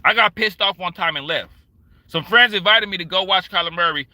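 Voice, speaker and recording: A man on a livestream rants in a sharp, cutting voice that sits a little high for a man. He is animated and profane, and he hammers each point home. The sound is dry and close, with no room around it. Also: fairly quick, dry recording. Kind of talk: casual ranting commentary.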